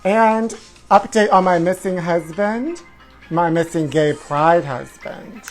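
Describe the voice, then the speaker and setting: A man's voice: high-pitched, takes it slowly, faint music behind. A man doing a brassy camp tabloid-show hostess. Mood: campy gossip. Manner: drawling, calls everyone honey, sudden whooping shrieks. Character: brassy self-absorbed woman tabloid talk-show host. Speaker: host. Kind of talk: campy comedic live-stream character.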